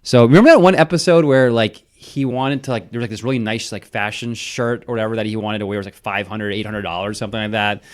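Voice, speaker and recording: A man's voice: fairly low pitch, fast, hardly any pauses. A young man chatting casually on a podcast, telling rambling stories full of fillers. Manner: rambling storyteller, fillers and laughs. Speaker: podcast host. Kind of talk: casual chat.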